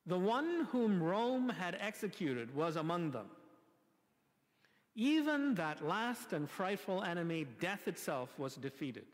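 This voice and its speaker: A man preaching a sermon as pastor, lively and wry, asking rhetorical questions in a church. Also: high voice, slow pace. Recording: long reverb from a church hall.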